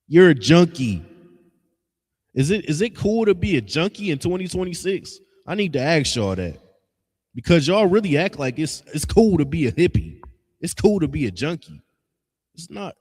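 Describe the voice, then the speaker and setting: A man's voice: on the high side, darkish tone, breathy edge. Blunt scolding preacher man in reverb. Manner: blunt, scolding, emphatic with slangy asides. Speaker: religious teacher. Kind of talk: street-style preaching lesson.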